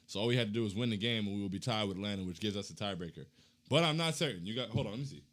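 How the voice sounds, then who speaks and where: A young man hosts a laid-back postgame chat, racing through fan comments with lively intonation. His hyped, slangy reading swings from loud chanting to low muttering.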